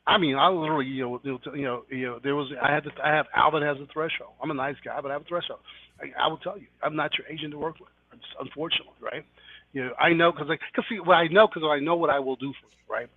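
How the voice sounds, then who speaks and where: A man, an insurance agent on a podcast, talking in rapid, emphatic bursts and repeating himself in a streetwise way. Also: on the high side, no room sound, narrow, tinny audio. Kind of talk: casual podcast chat. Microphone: remote call line.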